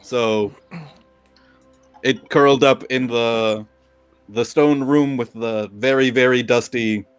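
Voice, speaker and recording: A man running a tabletop game as game master, calmly describing scenes to the players. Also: mid-range voice, slow pace, long pauses, smooth, soft background music. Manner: calm descriptive narration.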